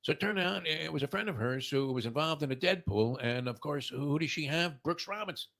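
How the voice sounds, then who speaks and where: A man's voice: fairly high pitch, animated, a little fast, vocal fry, a bit bright. A man in his sixties hosting a morning talk show, telling long rambling stories full of "uh" fillers. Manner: rambling storyteller, heavy "uh" fillers. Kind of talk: casual sports talk.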